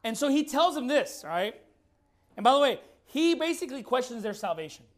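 A man preaching a sermon, firing rhetorical questions and reading scripture slowly and deliberately. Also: very high-pitched, sing-song. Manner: emphatic, fires rhetorical questions.

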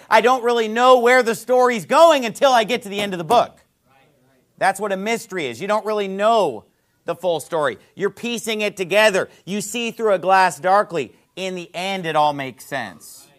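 A male pastor preaches with a high, lively voice that swoops up and down. He tells an animated story, acts out the caller's side of a phone call, and laughs at his own jokes. He asks his listeners rhetorical questions as he goes. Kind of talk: sermon.

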